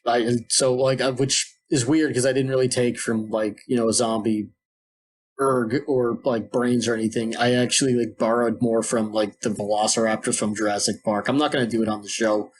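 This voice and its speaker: A man's voice: medium pitch, level tone, normal speed. A man co-hosting a podcast, telling a long story in a rambling, digressive way. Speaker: podcast co-host. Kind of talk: casual podcast chat.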